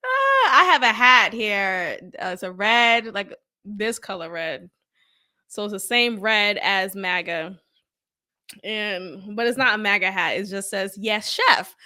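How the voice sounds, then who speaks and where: A woman's voice: medium pitch, a little slow, sharp tone. A woman hosting a podcast, talking casually with a blunt, sarcastic edge and plenty of swearing. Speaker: podcast host.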